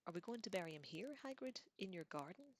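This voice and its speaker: A woman reading in a whispered role-play, voicing a polite, earnest teenage boy who speaks softly. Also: mid-range voice, expressive, fast talker, no echo, pitched above the performer's own voice, natural voice.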